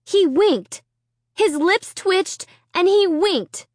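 A woman voicing an excitable young girl who cries out and pleads in shrill outbursts. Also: slow, no echo, studio quality, exaggerated voice. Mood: frightened, insistent.

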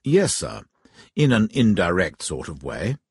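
A man's voice: low-pitched, wildly swooping pitch, unhurried, breathy edge, no echo, studio quality, exaggerated voice. A man voicing a formal, dutiful butler who speaks in a stiffly polite way in a storybook reading. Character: formal middle-aged male butler, dutiful.

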